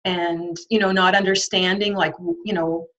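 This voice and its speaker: A woman's voice: on the low side, flat delivery, moderate pace, a bit bright, lo-fi sound. A woman guest on a podcast interview, speaking candidly and reflectively, with frequent ums and light laughter.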